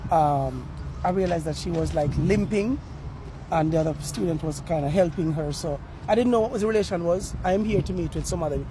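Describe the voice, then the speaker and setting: Jamaican man, high-pitched street reporter, pleading appeal outdoors on campus with faint traffic behind. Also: a little fast. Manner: earnest, pleading, slips into patois. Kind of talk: on-the-spot appeal to viewers.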